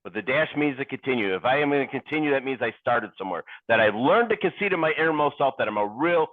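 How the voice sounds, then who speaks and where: A man's voice: medium pitch, lively intonation, dry recording. Earnest man speaking over a tinny line. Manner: earnest, deliberate, addresses the listeners directly. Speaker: speaker at a recovery meeting. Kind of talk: personal recovery share. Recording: tinny phone-like dry sound.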